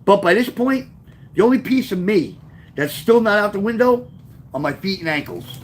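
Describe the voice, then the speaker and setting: A man reading his own memoir aloud, telling the story with lively, offhand asides. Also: high-pitched, moderate pace. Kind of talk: first-person memoir storytelling.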